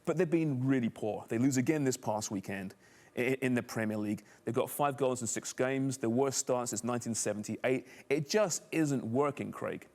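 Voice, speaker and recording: Mid-pitched man hosting a soccer show. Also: normal speed, darkish tone. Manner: conversational, steers the discussion with questions. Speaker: host. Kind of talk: sports talk show hosting.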